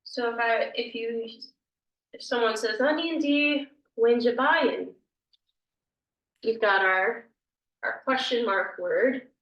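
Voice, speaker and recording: A woman's voice: on the high side, fairly even intonation, slow pace, echoey room, far from the mic, dull audio. A woman teaching a grammar lesson, explaining step by step, thinking aloud and often hesitating. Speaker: language teacher.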